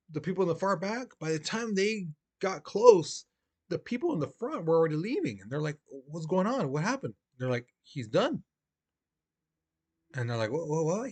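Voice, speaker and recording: A man teaching a recorded history lesson in a casual, chatty way, with many fillers and small acted-out scenes. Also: on the high side.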